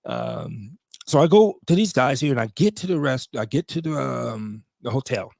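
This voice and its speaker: A man's voice: mid-range voice, very animated, moderate pace, creaky, a little mellow, dry recording. A man in his fifties, a veteran vlogger, tells a story to his viewers in a blunt, profane way, with emotional asides.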